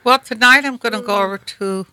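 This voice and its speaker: A woman co-hosting a radio talk show, chatting casually in a relaxed, plain-spoken way. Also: on the high side, a little fast, smooth, dry recording, poor audio. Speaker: radio co-host.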